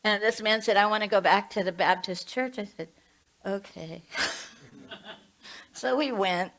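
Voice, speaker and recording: A woman's voice: medium pitch, a little slow, fairly bright tone, rough recording. A woman in her late seventies, a minister and hospice chaplain, giving a conversational sermon full of personal stories and asides. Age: 70s. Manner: chatty, storytelling with asides.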